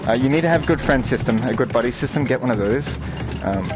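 A man from Australia, rambling through jokey live commentary while playing a VR game, breaking into loud yelps. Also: mid-range voice, expressive, quick pace. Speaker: VR game streamer. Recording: dull lo-fi audio with loud game music.

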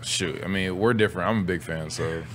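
A man's voice: deep voice, brisk, a loud crowd. A young man guesting on a sports talk show in a studio, laid-back and joking, often trailing off mid-sentence. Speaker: guest, pro basketball player. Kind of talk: casual studio chat. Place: broadcast studio.

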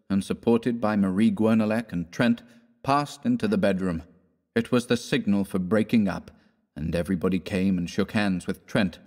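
A man narrating a classic story in a measured, theatrical reading, giving the characters their own voices. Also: on the low side, darkish tone. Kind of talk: scripted audiobook narration.

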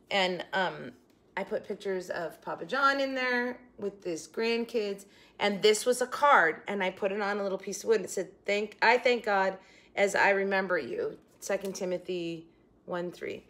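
A woman's voice: mid-range voice, unhurried. Tender, chatty older woman crafter. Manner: chatty, tender, trails off into quiet asides. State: holding back tears. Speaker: craft vlogger. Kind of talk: casual crafting tutorial.

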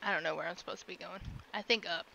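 A young woman streams a video game casually, playful and silly, chattering along and making sound effects. Her voice is fairly low with vocal fry, a steady tone and a quick pace, and the recording sounds slightly dull and lo-fi with faint noise.

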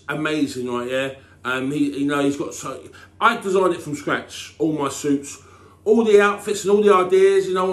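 An English man chatting casually as a TV personality, rambling and restarting, breaking into loud catchphrase shouts. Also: roomy sound. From England. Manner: rambling, full of restarts and "you know what I mean", bursts into loud "Boom" shouts. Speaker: TV personality answering fan questions. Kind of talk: casual chat.

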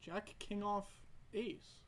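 A man dealing a poker game on a stream, chatty and quick to laugh. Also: high-pitched, fairly even intonation, a little hiss or hum. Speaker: card dealer. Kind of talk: casual chat while dealing poker.

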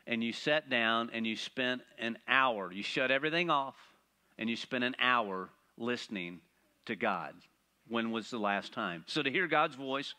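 A man preaching a sermon, animated and playful, asking the congregation rhetorical questions. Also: mid-range voice. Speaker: pastor.

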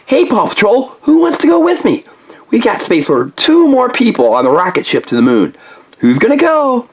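Man voicing a squeaky-high excited inventor pup, husky, insists he's right. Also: normal speed, heavily acted. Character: clever, eager male inventor pup. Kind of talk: toy play-along story voice.

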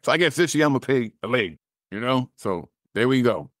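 A middle-aged man telling a personal story as an interview guest, animated and acting out the dialogue he recalls. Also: medium pitch, brisk, no room sound, clean studio sound. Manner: animated storyteller who acts out quoted dialogue, laughs at his own jokes.

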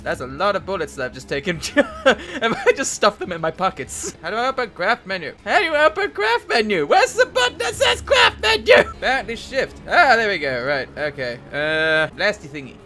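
A man's voice: high-pitched, very animated, a little fast, few pauses, bright, forceful tone. Panicky, giggly man. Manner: panicky, giggly, self-mocking. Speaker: gaming YouTuber. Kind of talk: gameplay commentary.

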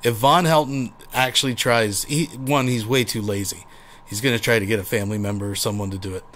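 A man's voice: on the low side, fairly even intonation, a little fast, fairly bright tone, slight background noise. A man hosting a commentary show, sarcastic and profane as he mocks the video he plays. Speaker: commentary channel host. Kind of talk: mocking commentary.

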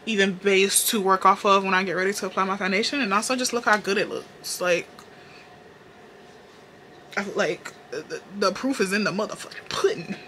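A woman's voice: medium pitch, pushed and bright, slight background noise. A young woman with a Southern Carolina accent, chatting casually through a makeup tutorial in a sassy, profane, playful way. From North Carolina, US. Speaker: beauty vlogger.

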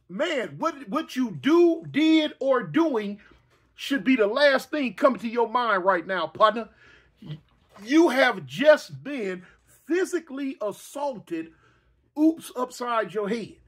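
Man, middle-aged, casual storytelling, high-pitched, sound effects, hiccups. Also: slow, breathy edge. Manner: animated, repetitive, with sound effects.

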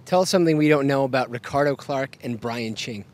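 Male host, brisk and teasing, talks very fast, mid-pitched. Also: darkish tone. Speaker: interview host. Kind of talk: quick-fire interview questions.

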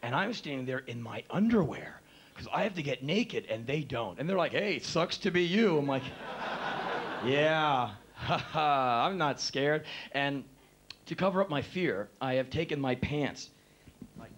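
A man performing spoken word storytelling on a live stage, animated and profane, acting out the quotes of the people in his story. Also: medium pitch, normal speed, pauses often, a little hiss or hum. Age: 30s. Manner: animated, profane, acts out quotes in shifting voices.

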